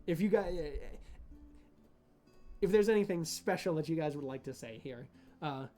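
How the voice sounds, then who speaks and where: A man's voice: fairly high pitch, lively intonation, normal speed, mellow, soft background music. A man running a tabletop game, narrating casually with lots of fillers. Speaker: game master.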